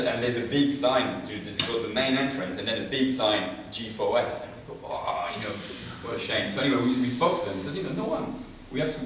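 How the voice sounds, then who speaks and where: A man's voice: sits low, noisy background. Hesitant man, distant echo. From France. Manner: hesitant, full of fillers and restarts. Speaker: audience speaker at a book launch. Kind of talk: anecdotal public talk. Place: large echoey room at a public event. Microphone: distant room mic. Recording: echoey, lo-fi, from far off.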